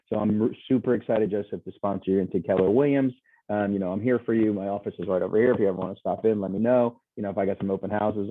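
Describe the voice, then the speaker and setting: Low-voiced man pitching over a tinny call. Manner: rambling, enthusiastic, frequent restarts. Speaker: guest speaker. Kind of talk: casual sales pitch presentation. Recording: tinny phone-like video call audio, dry.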